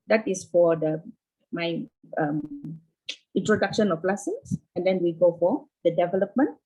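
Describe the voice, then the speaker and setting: A woman's voice: on the low side, lively intonation, measured pace, warm tone, slightly rough, rough recording. A Malaysian English teacher in her fifties, answering interview questions over a video call, repeating herself and checking in with "okay".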